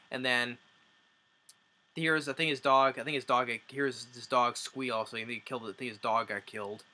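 Bright-voiced man rambling through a review. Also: medium pitch. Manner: rambling, with frequent restarts. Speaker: movie reviewer. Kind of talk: casual plot recap.

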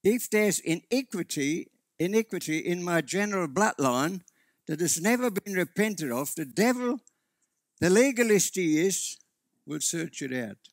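A man's voice: high-pitched, lively intonation, a little slow, no room sound, studio quality. A man preaching a sermon as pastor, earnest and often restarting his sentences. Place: church.

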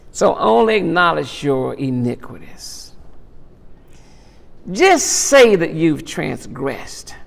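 Leading a Bible study, a middle-aged male pastor speaks in a fairly high, gravelly voice with a fairly bright tone. Emphatic and repetitive, he rises into impassioned peaks, with long reverb from a large hall.

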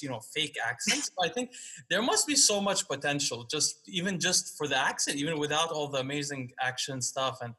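A man's voice: on the high side, pushed and bright, husky. A man hosting a podcast, chatting casually and asking his guest questions. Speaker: podcast host. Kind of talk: casual interview chat.

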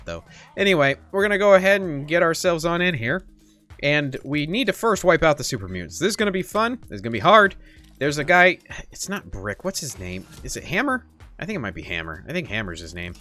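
A man's voice: mid-range voice, fairly bright tone. A man hosting a gaming channel, giving playful, joking gameplay commentary in a chatty way.

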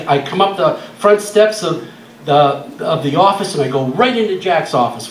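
An older man from Canada telling a lively story at an event, laughing and acting out the people he quotes. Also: a little high, slight background noise. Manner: animated, laughing, acts out quoted voices. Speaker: guest speaker telling a story. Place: music club, indoors. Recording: echoey club from far off.

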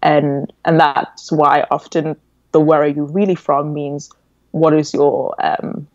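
A woman in her twenties with an English accent, raised in England after a Nigerian birth, telling stories as a podcast guest in an animated, reflective way. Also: sits low, slow, dry recording. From born in Nigeria, raised in England. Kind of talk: casual interview chat. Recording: dull, dry lo-fi audio.

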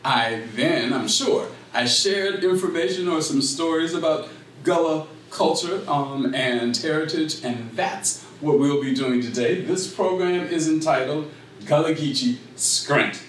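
Slow, high-voiced Low Country man lecturing. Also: a bit bright. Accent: South Carolina Low Country. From South Carolina Low Country. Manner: quizzes the audience and affirms answers. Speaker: speaker on culture and language. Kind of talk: public talk with audience questions. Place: library meeting room. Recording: roomy echo, distant mic, faint noise.

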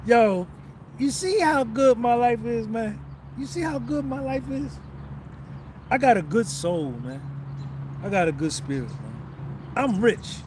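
A man's voice: very high-pitched, big pitch swings, measured pace, long pauses, darkish tone, a little hiss or hum. A man hosting a casual livestream outdoors, hyped and boastful, switching into a pushy coaching tone. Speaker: livestream host.

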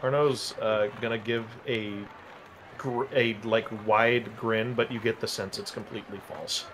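A man's voice: lowish voice, steady tone, unhurried, a bit bright, slight background noise. A man playing a tabletop game, wryly describing what his character does. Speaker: player. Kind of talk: casual tabletop game play.

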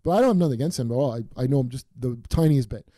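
A man hosting a comedy podcast, talking in a rambling, blunt way with quick asides. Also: medium pitch, dark tone. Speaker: podcast host. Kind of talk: casual comedy podcast chat.

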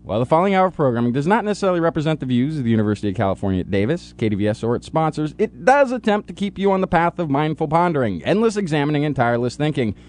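A man's voice: fairly high pitch, big pitch swings, rapid-fire, few pauses, darkish tone. A man co-hosting a college radio science talk show, joking and reading with playful drama. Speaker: co-host.

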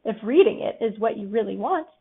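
A woman doing a gloomy rumbling donkey. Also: expressive, a little fast. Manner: low rumbling. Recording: tinny phone-like audio.

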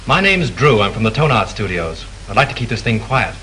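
Brisk, bright male investigator from an old talkie, rapid questions. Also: fairly low pitch, very animated, slight background noise, rough recording. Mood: determined. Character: brisk male studio investigator, adult, persistent. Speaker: studio man asking questions.

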